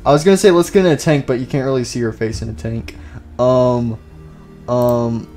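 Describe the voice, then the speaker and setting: A young man giving casual, excitable commentary on his own gameplay, with loud outbursts and goofy jokes. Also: mid-range voice, moderate pace, faint music behind. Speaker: gaming YouTuber.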